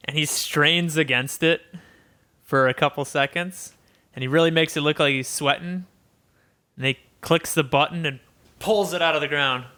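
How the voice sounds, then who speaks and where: A man playing a tabletop game, describing his character's actions in a playful, drawn-out way. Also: a little high, pushed and bright. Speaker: player.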